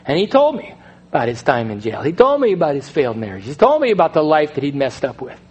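A male pastor preaching a sermon in a conversational style, swinging between loud stretches and hushed ones. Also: fairly high pitch, wildly swooping pitch, fast, husky, dull audio.

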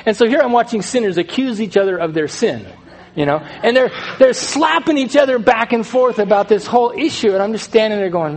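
A male pastor preaching a sermon in a conversational style, swinging between loud stretches and hushed ones. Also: sits high, expressive, quick pace.

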